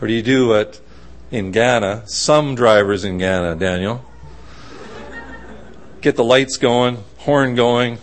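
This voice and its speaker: Speaking slowly in a mid-range voice and pausing often, a man delivers a sermon full of stories, animatedly performing the voices of their characters. There's slight background noise.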